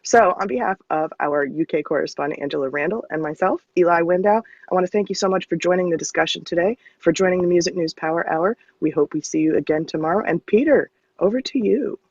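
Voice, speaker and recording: A man hosting a live music news show, talking eagerly and warmly to his audience. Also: sits high, breathy edge, dry recording, lo-fi sound. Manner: fast, eager, friendly sign-offs. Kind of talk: casual live-stream chat.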